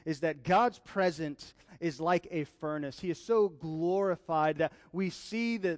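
A man's voice: a little high, no room sound, long reverb tail. A young man preaching a sermon as a pastor, passionate and telling personal stories.

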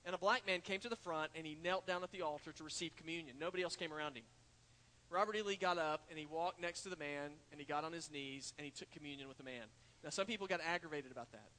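A man with a fairly high, pushed and bright voice preaches at a quick pace, earnest and building to emphatic points. He restarts often and fills gaps with "uh." It's recorded in a church sanctuary with long hall reverb.

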